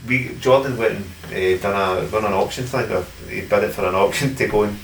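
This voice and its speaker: A man's voice: lowish voice, fairly quick, gravelly. A Scottish man, a podcast guest, telling stories in casual chat, swearing a lot and laughing as he talks. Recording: echoey room from far off with faint hiss.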